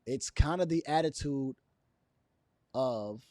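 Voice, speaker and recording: A man's voice: mid-range voice, slow, warm tone, no room sound. A man giving casual opinion commentary to camera, emphatic and repetitive, with chuckles between his points. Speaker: video commentator.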